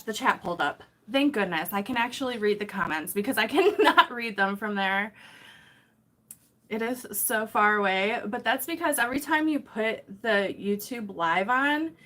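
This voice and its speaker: Streaming casually from home, a young woman with a slightly high, fairly bright voice welcomes viewers by name and apologizes often. Her sound comes from a camera placed a little way off.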